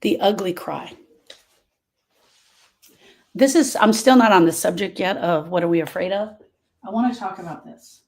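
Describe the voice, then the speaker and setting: A woman's voice: medium pitch, a little fast, a little mellow. A woman grief coach talking casually to viewers on a live stream, earnest and repeating herself as she drifts off topic.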